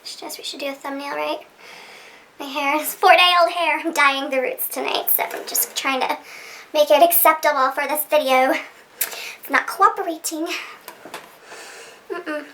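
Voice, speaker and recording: A woman's voice: high-pitched, fairly even intonation, measured pace, pauses often, pushed and bright, slight background noise. A woman vlogger chatting casually to camera at her desk, rambling and giggling at herself. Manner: rambling, giggly, self-deprecating. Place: sitting at a desk at home under lights. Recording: roomy, distant sound.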